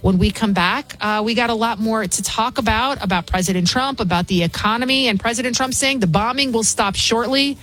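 A woman's voice: fairly high pitch, brisk, hardly any pauses, fairly bright tone. A woman filling in as a talk radio host, speaking bluntly and scornfully, rambling with frequent restarts. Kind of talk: opinionated talk radio monologue.

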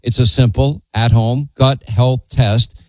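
A man reading a sponsor ad on a radio show in a smooth, salesy way. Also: mid-range voice, fairly even intonation, slow, a little mellow, dry recording, rough recording. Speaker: host reading an ad. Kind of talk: ad read.

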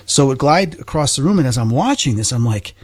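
A middle-aged man, a guest, recounting a personal experience in an animated, earnest way. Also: mid-range voice, fast talker, breathy edge, no echo. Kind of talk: personal storytelling.

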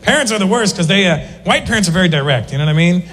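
Animated stand-up comic man. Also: high voice, very fast, husky, big-room sound, some chatter behind. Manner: animated, mimics other people's voices. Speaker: stand-up comedian. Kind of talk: stand-up routine before a laughing crowd.

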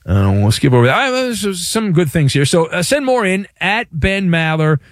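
A man's voice: high voice, very animated, moderate pace, no room sound. A man hosting a sports talk radio show from a studio, riffing playfully with exaggeration.

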